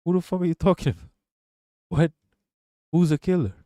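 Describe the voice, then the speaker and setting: A man's voice: a little high, fairly even intonation, fairly quick, mellow, dry recording, studio quality. Brash, profane male streamer. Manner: brash, profane, talks back at a playing video and chat. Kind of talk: casual live-stream reaction commentary.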